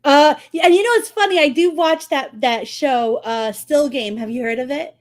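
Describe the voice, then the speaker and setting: A woman's voice: sits high, moderate pace. A woman from New York with a New York accent, hosting a casual podcast chat and laughing often. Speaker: podcast host.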